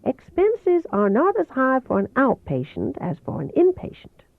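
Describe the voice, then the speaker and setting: A gentle, persuasive male doctor with a soft, melodious voice and a slight Southern accent, as a woman reads him aloud. He coaxes and teases calmly. The recording sounds dull and dry. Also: high-pitched, measured pace, creaky, no room sound, pitched above the performer's own voice, full character voice. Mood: coaxing. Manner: calm, coaxing, gently teasing.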